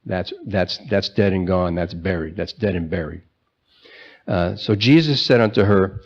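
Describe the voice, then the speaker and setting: A man preaching a sermon, retelling the scripture story in a conversational way and slowing down for the key lines. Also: deep voice, muffled recording. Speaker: pastor.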